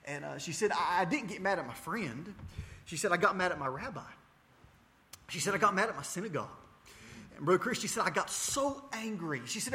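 A man's voice: high-pitched, lively intonation, brisk, pushed and bright, in a large hall, a little hiss or hum. A man preaching a mission testimony, retelling a story with many hesitations and rising to fervent intensity. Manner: storytelling, repeating "she said" and building to fervent intensity; frequent hesitations and restarts. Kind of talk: testimony sermon.

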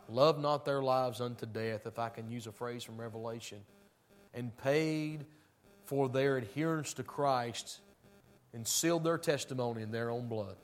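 A man preaching a sermon, emphatic and conversational, swinging between loud declarations and hushed, somber passages. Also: medium pitch. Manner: conversational asides to the congregation.

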